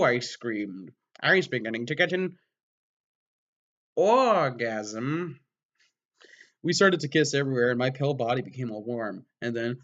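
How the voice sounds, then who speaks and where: A man giving a mock-dramatic reading of a story, breaking off for wry, deadpan sarcastic asides. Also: mid-range voice, moderate pace, muffled recording. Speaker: comedic reader.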